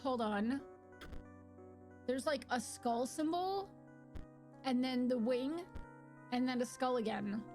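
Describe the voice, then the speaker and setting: Very high-voiced excitable woman streamer. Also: slow pace, long pauses, faint music behind. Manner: excitable, shrieks and swears at the game. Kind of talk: live gameplay commentary.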